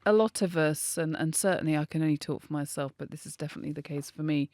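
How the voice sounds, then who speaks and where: A woman co-hosting a podcast in casual chat, candid and quick to laugh. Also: low voice, steady tone, a little mellow, dry recording. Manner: chatty, laughs easily, candid. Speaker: podcast co-host.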